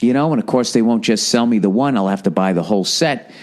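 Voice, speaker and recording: A man's voice: lowish voice, fast talker. Profane, rambling man. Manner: profane, exasperated rambling with frequent self-interruptions; slips into mocking put-on voices. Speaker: podcast host. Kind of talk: casual solo monologue.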